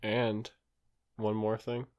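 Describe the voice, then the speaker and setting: Low-voiced man in playful banter. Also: completely flat delivery, takes it slowly, a little mellow, clean tone. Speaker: podcast co-host. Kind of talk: casual chat.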